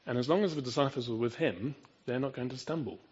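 A man's voice: mid-range voice, quick pace, darkish tone, slightly rough, muffled recording. A man preaching a sermon in an earnest, emphatic way, often asking his listeners rhetorical questions.

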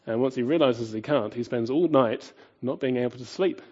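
A man preaching a sermon, emphatic, asking rhetorical questions and swinging between loud and quiet. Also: mid-range voice, normal speed, husky, muffled recording.

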